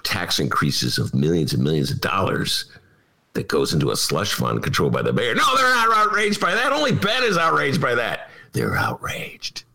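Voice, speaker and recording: A man's voice: on the low side, sharp tone. A man hosting a talk show from his apartment, in a mock-outraged, theatrical manner that breaks into laughter at his own jokes. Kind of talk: comic casual monologue. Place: home apartment.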